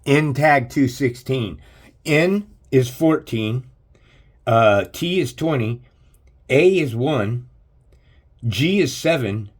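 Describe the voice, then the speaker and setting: A man's voice: mid-range voice, animated, slow, long pauses. Profane, preachy man ranting. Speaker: channel host. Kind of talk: ranting religious commentary.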